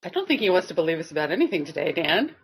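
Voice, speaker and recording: A woman's voice: lowish voice, big pitch swings, very fast, slightly rough. A woman co-hosting a casual podcast panel, amused and wry. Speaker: podcast co-host.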